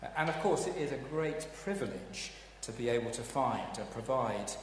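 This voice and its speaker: A man preaching a sermon, swinging between hushed tones and loud dramatic exclamations. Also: mid-range voice, animated, moderate pace, a little hiss or hum. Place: church. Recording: echoey hall, heard from a distance.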